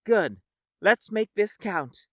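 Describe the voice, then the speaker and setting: A man voicing a calm, focused woman captain giving steady, sharp commands in an audiobook. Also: sits high, slow pace, dry recording, clean studio sound, voice pushed up, heavily acted.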